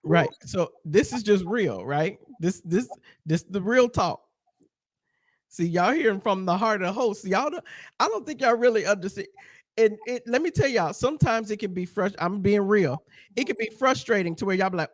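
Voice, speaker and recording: A man's voice: high-pitched, lively intonation, moderate pace, no echo, studio quality. A man co-hosting a faith talk show, speaking in a folksy, chuckling way and addressing the listeners directly.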